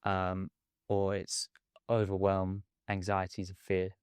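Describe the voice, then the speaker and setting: A man speaking as a coaching guest in a podcast interview, measured and hedging, often saying "sort of" and "kind of" as he explains. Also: low-pitched, monotone, darkish tone, clear, resonant tone, dry recording, clean studio sound. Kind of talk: conversational interview.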